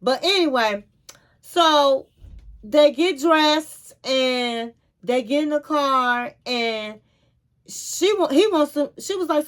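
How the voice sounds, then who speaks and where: A woman's voice: high-pitched, lively intonation, takes it slowly. A woman casually recapping a reality show and giving frank advice, calling her viewers honey and queens. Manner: chatty, retells scenes with quoted dialogue.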